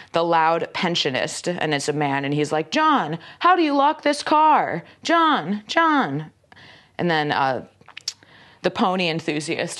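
A woman chatting casually through an unboxing, rambling with lots of filler words and self-mocking jokes. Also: deep voice. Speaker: magazine staffer presenting an unboxing.

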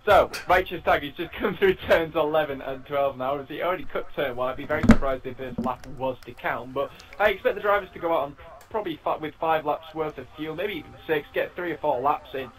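A man's voice: on the high side, a little fast, rough recording. A man commentating an online racing league, playful and laughing often, with frequent restarts. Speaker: race commentator.

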